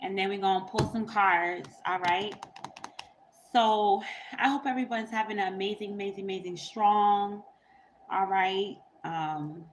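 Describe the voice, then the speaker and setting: A woman's voice: medium pitch, a little hiss or hum, poor audio. A woman tarot reader telling a story in a rambling, profane, casual way on a livestream, often breaking into laughter.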